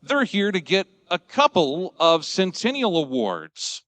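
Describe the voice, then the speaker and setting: Man, emcee, jokey and upbeat, higher voice, long hall reverb. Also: big pitch swings, unhurried, fairly bright tone. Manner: jokey, upbeat, giving instructions to a crowd. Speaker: master of ceremonies. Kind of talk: emceeing an awards ceremony.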